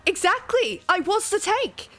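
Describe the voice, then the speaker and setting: A woman's voice: very high voice, sing-song, measured pace, a bit bright. An Australian woman hosting her game stream, chatting casually and reading chat aloud in a self-deprecating way. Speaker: streamer host.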